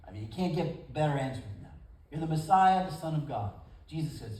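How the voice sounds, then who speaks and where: A man preaching a sermon as pastor, folksy and animated, acting out the quotes he tells. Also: a little high, brisk. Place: church service in a gym. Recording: echoey room from far off.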